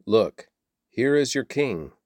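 A man reading aloud and voicing an uneasy Roman governor, pressing his questions with his pitch rising. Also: expressive, takes it slowly, a little mellow, no echo. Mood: declaring.

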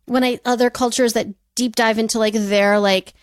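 A woman co-hosting a podcast, telling a story in a chatty, animated way with jokey asides and frequent laughs. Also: fairly high pitch, normal speed, smooth, no room sound, studio quality. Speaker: podcast co-host. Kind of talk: casual storytelling chat.

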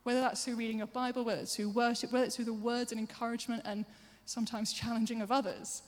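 A woman preacher giving a sermon, chatty and self-deprecating, with quick asides to the congregation. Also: a little high, little pitch movement. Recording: long hall reverb.

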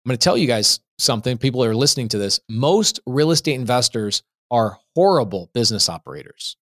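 A man on a podcast as the guest, telling a business story in an emphatic, quick way and acting out what people said. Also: medium pitch, lively intonation, no room sound, clean studio sound. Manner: emphatic, fast, acts out quotes. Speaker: podcast guest, real estate investor. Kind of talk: animated interview storytelling.

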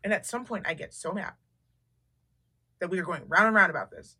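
A woman co-hosting a casual podcast chat, an animated storyteller who swears freely and acts out quotes. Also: on the low side, fairly quick, slightly rough. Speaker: podcast co-host.

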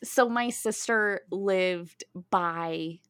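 Female co-host, mid-pitched, chatty, giggles between words. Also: drawn-out words, a bit bright, smooth. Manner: chatty, laughs through her sentences. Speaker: podcast co-host. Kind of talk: casual chat.

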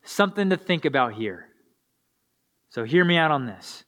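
A man's voice: fairly high pitch, big pitch swings, moderate pace, fairly bright tone. A man preaching a sermon to young listeners, earnest and posing rhetorical questions. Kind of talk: sermon to a youth audience.

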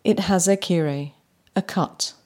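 A woman hosting a poetry podcast, speaking with warm enthusiasm and slowing down to savour lines read aloud. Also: on the low side. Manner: animated, slows right down to read poems aloud. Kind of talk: podcast commentary on haiku.

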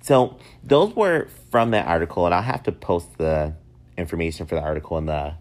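A man in his thirties with a very low voice, hosting his own podcast. He talks casually and tells stories about himself in a lively, self-mocking way. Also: brisk. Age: 30s. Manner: self-mocking, animated storytelling. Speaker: podcast host. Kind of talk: casual solo podcast monologue.

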